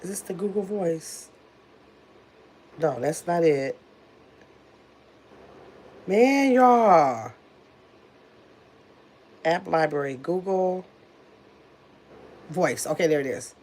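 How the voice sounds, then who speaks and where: Her voice is on the low side and a little mellow, animated, with drawn-out words and frequent pauses. Hosting a casual livestream while recovering from illness and feeling a little under the weather, she reads comments aloud, sorts out a phone number, and chats distractedly with "y'all."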